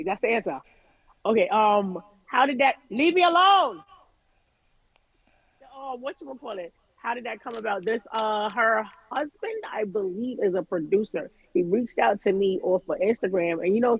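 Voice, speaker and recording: A woman's voice: mid-range voice, normal speed, husky, no echo, muffled recording. A woman artist, from Jamaica, talking candidly in a casual remote interview and acting out what people said to her. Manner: candid, chatty, quoting people in lively voices. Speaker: music artist guest.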